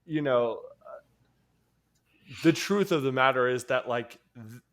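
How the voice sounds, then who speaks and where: A man with a New York accent talks casually as a podcast co-host. He has a mid-range pitch and rambles through stories, laughing often and swearing now and then. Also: lively intonation, measured pace. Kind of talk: casual chat.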